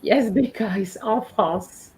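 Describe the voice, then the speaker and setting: A woman's voice: medium pitch, takes it slowly, darkish tone, rough recording. A woman teaching French in a live online class, patiently going through her students' letters and correcting them one by one over a video call.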